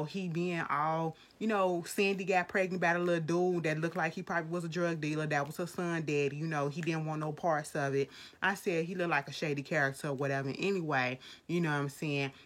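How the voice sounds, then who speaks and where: A woman in casual chat, reviewing a film in a blunt, profane and animated way. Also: sits low.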